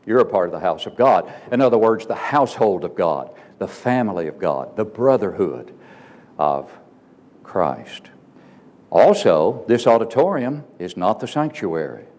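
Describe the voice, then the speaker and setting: A man's voice: lowish voice, sing-song, unhurried, darkish tone, big-room sound. A man preaching a sermon in a church auditorium, stressing words emphatically and asking rhetorical questions.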